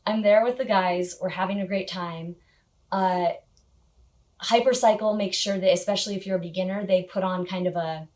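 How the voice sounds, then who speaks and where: Casting: woman motorcycle vlogger, mid-pitched voice, chatty storyteller who laughs easily. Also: a little mellow. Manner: chatty, frequent little laughs and filler words. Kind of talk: casual storytelling to camera.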